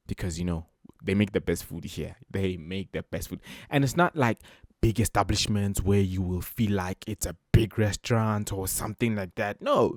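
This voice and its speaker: A man's voice: fairly low pitch, darkish tone, no echo, clean studio sound. A young South African man with a South African accent, chatting casually as he reacts to a video, repeating himself with many fillers. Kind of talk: casual commentary.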